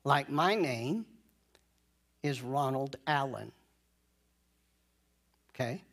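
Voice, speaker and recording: A man preaching a sermon, leading call-and-response and drawing out key phrases slowly. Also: mid-range voice, expressive, a bit bright. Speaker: pastor.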